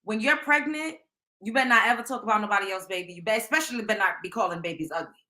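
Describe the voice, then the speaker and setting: A woman's voice: mid-range voice, very fast, pushed and bright. A woman with a Southern US accent hosting a casual live stream, talking bluntly and emphatically in slang and speaking straight to her viewers. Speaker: host.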